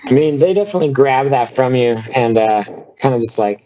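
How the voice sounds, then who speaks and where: A man's voice: medium pitch, expressive, a little fast, dark tone, highs cut off, slight background noise. A man running a tabletop game as game master, talking casually with many fillers.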